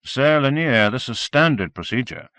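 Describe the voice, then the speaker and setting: A man voicing a brisk, matter-of-fact male doctor, pitched higher and louder than his narration. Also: animated, dry recording.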